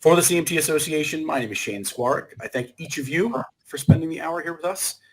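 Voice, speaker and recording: Fast, husky-voiced webinar host. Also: male voice, fairly high pitch, lively intonation, poor audio. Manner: polite, formal moderator. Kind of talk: webinar closing remarks.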